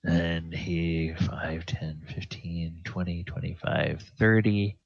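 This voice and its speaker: A man with a very deep voice narrates a tabletop game as its dungeon master, taking his time and pausing on fillers. The sound is dry and close, with a dull lo-fi quality. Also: little pitch movement, creaky. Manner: unhurried, halting with fillers.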